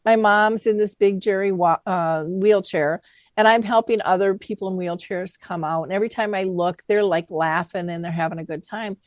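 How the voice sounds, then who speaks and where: A woman's voice: mid-range voice, normal speed, no room sound. Dry-voiced woman host telling a story. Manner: lively anecdotal, acts out quoted dialogue. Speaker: podcast host. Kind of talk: conversational storytelling.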